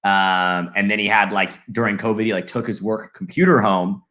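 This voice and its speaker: A man's voice: on the low side, normal speed, bright, forceful tone. A man co-hosting a podcast in casual chat, telling stories and acting out the people in them. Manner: chatty storyteller, acts out quotes. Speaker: podcast co-host.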